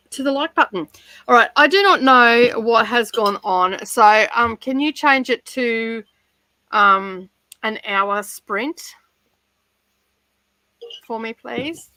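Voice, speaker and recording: A bright-toned woman chats and rambles as she hosts a home livestream, laughing easily. Her voice sits a little high and sounds close and dry, with no room around it. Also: no echo, rough recording. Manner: chatty, giggly, rambling. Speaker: livestream host. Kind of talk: casual chat.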